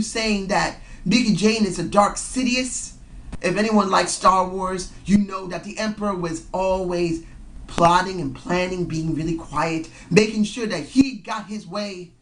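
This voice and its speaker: Hoarse, sleepy, rambling man. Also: high-pitched. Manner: rambling, excitable fan talk. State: hoarse from yelling; sleep-deprived, slightly slurring. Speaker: wrestling show reviewer. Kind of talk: casual review vlog.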